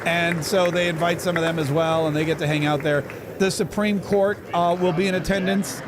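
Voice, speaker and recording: Over a noisy background, a podcast host speaks in a slightly high voice with fairly even intonation at a normal pace. He's running a live stream, making relaxed, dry remarks about a broadcast and thanking donors.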